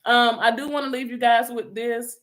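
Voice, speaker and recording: A woman's voice: a little high, fairly even intonation, moderate pace. A middle-aged woman life coach giving an emphatic motivational talk, repeating her calls to action and sometimes laughing at herself. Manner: emphatic, repetitive exhortations, slips into laughter and self-teasing.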